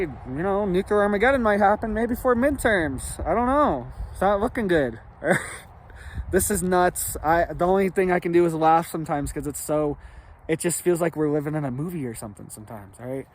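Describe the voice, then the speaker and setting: Animated man ranting about the news. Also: a little high, slight background noise. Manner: animated, rhetorical, keeps asking "right?". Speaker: news commentary host. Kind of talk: casual news rant to viewers.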